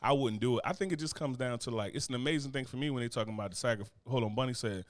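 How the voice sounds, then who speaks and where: A man's voice: mid-range voice, very fast, hardly any pauses, dry recording. A man co-hosting a casual chat show, talking animatedly and profanely, joking and reading comments from the chat aloud. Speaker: podcast co-host.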